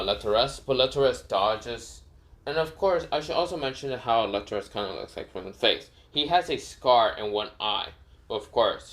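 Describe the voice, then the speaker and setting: A man's voice: lowish voice, fairly bright tone. A young man casually narrating a made-up fan story, rambling with many fillers and self-corrections.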